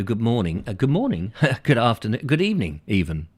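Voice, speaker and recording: A man's voice: fairly low pitch, wildly swooping pitch, brisk, a little mellow. A middle-aged English man hosting a comic live chat show, rambling and acting out chatty shop exchanges. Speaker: host.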